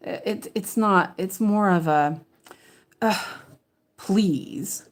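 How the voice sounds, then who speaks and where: Woman stitching and chatting at home, slow unhurried delivery, rambling with fillers and restarts. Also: mid-range voice, clear, resonant tone. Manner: mutters to herself while checking her work. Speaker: cross-stitch vlogger. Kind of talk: casual chat while stitching.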